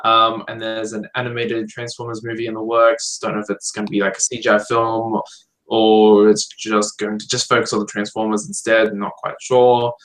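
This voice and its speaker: A man's voice: lowish voice, completely flat delivery, normal speed, a bit bright, low-quality recording. Eager man thinking aloud about films. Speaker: film podcast co-host. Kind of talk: casual chat.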